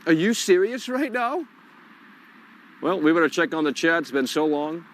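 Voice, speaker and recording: A frustrated man hosts a live call-in stream from outdoors, his voice pitched slightly high. He talks in irritable, profanity-laced mutters and rants while struggling with his tech. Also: very animated, normal speed, a little hiss or hum.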